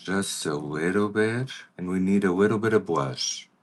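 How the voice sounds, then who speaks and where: A man doing a makeup transformation on a livestream, talking casually to viewers and now and then greeting them by name in an excited high voice. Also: moderate pace. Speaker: makeup artist vlogger.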